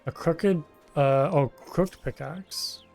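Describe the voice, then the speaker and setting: A man's voice: on the high side, slow pace, vocal fry, darkish tone, soft background music. A man casually commenting while streaming a game, with hesitant, mumbled asides at a close desk mic.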